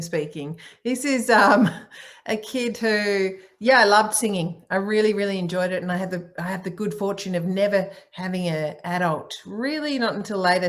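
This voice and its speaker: A middle-aged woman speaking on a video call, answering questions in a warm, encouraging and playful way. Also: lowish voice. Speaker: guest speaker, singer and author. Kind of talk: casual online talk answering questions.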